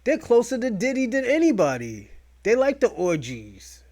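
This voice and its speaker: A man hosting a podcast, talking in loud, rambling, mocking rants full of profanity. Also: very high voice, huge pitch swings, normal speed. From United States. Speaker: podcast host. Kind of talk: profane casual commentary.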